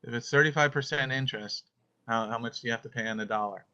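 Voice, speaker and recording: Bright-voiced teacher on a lo-fi call. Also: medium pitch, quick pace. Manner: playful, calls on students by name. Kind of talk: online homeschool class with scripture reading. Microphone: video call. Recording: dull lo-fi call audio.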